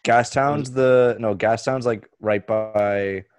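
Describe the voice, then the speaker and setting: A man's voice: mid-range voice, fairly even intonation, takes it slowly, clear, resonant tone, no echo, clean studio sound. A man co-hosting a podcast in casual chat, chatty and full of 'like'. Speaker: podcast co-host.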